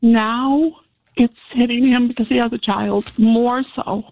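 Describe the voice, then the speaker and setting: A middle-aged woman calling in to a radio show, speaking haltingly and near tears. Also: a little high, fairly even intonation. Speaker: caller. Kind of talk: emotional call-in on a phone line. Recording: tinny phone line.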